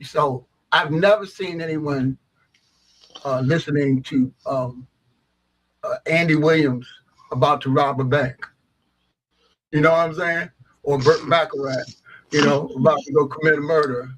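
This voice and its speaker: A man's voice: on the high side, steady tone, measured pace, long pauses, rough recording. A middle-aged man hosting a radio talk show, rambling and opinionated, peppering his talk with "you know what I'm saying.".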